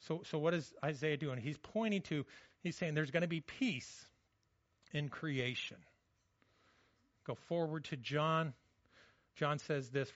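A pastor giving a sermon in a conversational way, often restarting his words and slowing down when he reads scripture. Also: fairly high pitch, fairly bright tone, no room sound, muffled recording.

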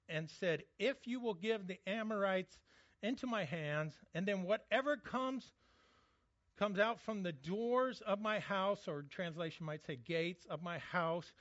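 A man's voice: high-pitched, fairly bright tone, no room sound, highs cut off. A man preaching a sermon in a conversational, joking way, often restarting his words. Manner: conversational, jokey, frequent restarts. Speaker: pastor.

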